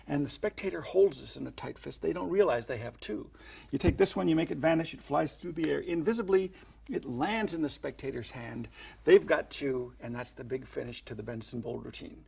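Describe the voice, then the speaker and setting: A fairly high-pitched man with a gravelly, husky voice walks through magic tricks step by step. He talks in a chatty, playful tutorial manner and slips into lively showman patter for the demonstrations. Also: fairly quick. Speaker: magic instructor.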